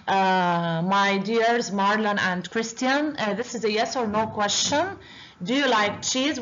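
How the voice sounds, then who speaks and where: Woman teacher going over basics slowly, lots of uhs, bit dull lo-fi sound. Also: a little high, a bit bright. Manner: slow and deliberate, with many drawn-out uhs. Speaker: Arabic teacher. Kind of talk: online language lesson.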